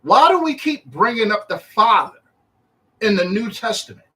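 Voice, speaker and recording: A man teaching through a Bible chapter verse by verse in a casual, animated way, acting out the speakers in the text. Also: normal speed. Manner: animated, acts out the disciples' and Yahshua's words in a higher voice; conversational, uses slang while reading verse by verse.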